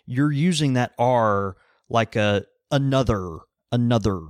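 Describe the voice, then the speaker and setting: A man's voice: mid-range voice, expressive, normal speed, dry recording, studio quality. A man co-hosting a podcast, explaining things casually with self-deprecating humor. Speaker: podcast co-host. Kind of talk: casual chat.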